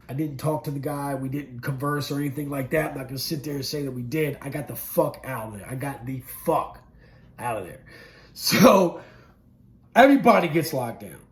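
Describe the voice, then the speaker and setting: A middle-aged man recounting his prison past in a blunt, profane storytelling manner, swinging from loud bursts to low murmurs. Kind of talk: candid storytelling interview.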